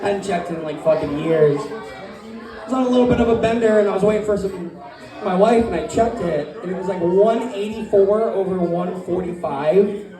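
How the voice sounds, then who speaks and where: A man in his thirties works an open-mic crowd with a profane, animated stand-up set, his voice sitting high. He is caught from a distance in an echoey club. A loud audience fills the room around him. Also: moderate pace. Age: 30s. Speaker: stand-up comedian. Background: audience laughter.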